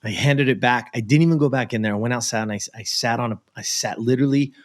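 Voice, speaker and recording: Male interview guest from the US, animated storyteller, average pitch. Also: quick pace. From United States. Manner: animated, acts out the voices of people in his story. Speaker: guest, productivity and life coach.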